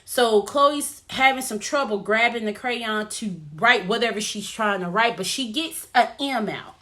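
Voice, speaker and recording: Female vlogger, pitched a bit high, bright and chatty, animated as she recaps a film. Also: measured pace. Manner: animated, chatty storytelling that addresses viewers. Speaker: movie reviewer. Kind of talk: casual plot recap vlog.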